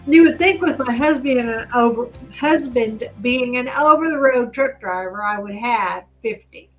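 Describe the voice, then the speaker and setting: A woman's voice: a little high, moderate pace, a bit bright, soft background music, low-quality recording. A woman hosting a home vlog, chatting casually and reading official text aloud, often drifting off to react to what she reads. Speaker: channel host. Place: home in a residential cul-de-sac.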